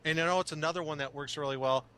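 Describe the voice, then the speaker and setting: A man's voice: on the high side, steady tone, rapid-fire, a bit bright, smooth. A man co-hosting a casual tabletop gaming podcast, theatrical and hammy in his delivery, laughing often. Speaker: podcast co-host and game master. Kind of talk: casual chat.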